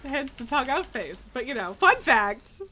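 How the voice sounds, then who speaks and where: A woman's voice: high voice, big pitch swings, a little slow, sharp tone, a little hiss or hum. A woman streaming a game, chatting casually, laughing often and swearing freely. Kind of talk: casual chat while gaming.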